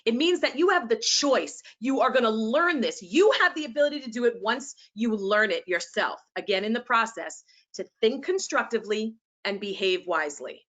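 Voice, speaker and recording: A woman with a New York accent, presenting passionately to teachers and sometimes talking fast. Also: fairly high pitch, animated, a bit bright. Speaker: educator and presenter.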